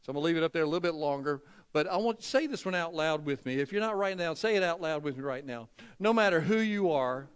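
An older man preaching a sermon to his church, folksy and emphatic, dropping to a hush and then building loud. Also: a little high, lively intonation, racing, smooth. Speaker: pastor. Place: church sanctuary.

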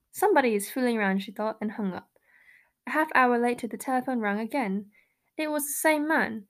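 Bright-voiced giggly young woman. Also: fairly high pitch, brisk. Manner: giggly, animated, reads rhymes and stories aloud. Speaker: podcast co-host. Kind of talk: casual chat and reading aloud.

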